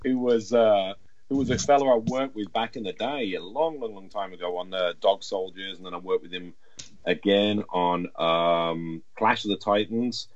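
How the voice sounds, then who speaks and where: A man's voice: low-pitched, normal speed, highs cut off. A man chatting casually and enthusiastically on a podcast, rambling a little. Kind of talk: casual chat.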